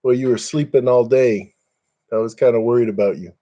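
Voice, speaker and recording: A man's voice: medium pitch, fairly even intonation, fairly quick, dark tone, muffled recording. An older man chatting casually on a webcam live stream at home, rambling and self-deprecating, chuckling often.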